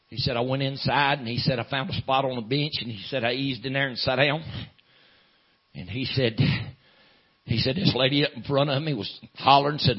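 A man preaching a sermon in a folksy drawl, filling pauses with "uh", swinging from loud preaching to hushed storytelling. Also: medium pitch, creaky, slightly rough. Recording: dull lo-fi sound.

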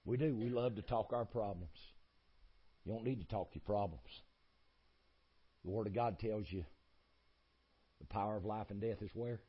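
Male preacher, husky folksy delivery, emphatic repetitive sermon cadence. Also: lowish voice, moderate pace, long pauses, dull audio.

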